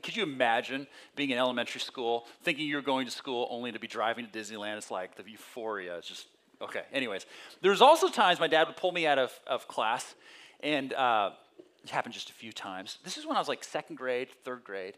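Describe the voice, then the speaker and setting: A male pastor giving a conversational sermon, telling personal stories and acting out voices with lively energy. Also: mid-range voice, brisk. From California. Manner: conversational storytelling with animated quoted voices.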